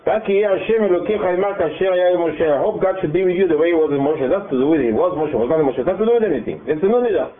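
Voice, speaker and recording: A man teaching a Bible class. He explains verses, repeats words and acts out the dialogue with rising excitement. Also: fairly high pitch, very fast, few pauses. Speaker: Torah teacher. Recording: tinny, echoey room with faint noise.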